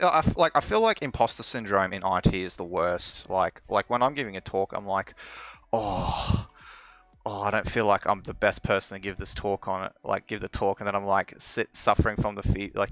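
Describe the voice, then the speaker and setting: A man's voice: lowish voice, bright, forceful tone, clear, resonant tone, no room sound, muffled recording. A man chatting casually while live coding, rambling with fillers and laughing often. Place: home office.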